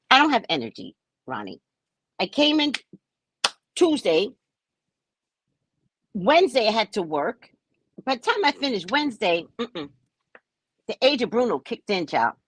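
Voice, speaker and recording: A woman hosting a casual live stream, chatting with viewers by name in a lively, talkative way. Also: medium pitch, breathy edge, no room sound. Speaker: psychic live-stream host.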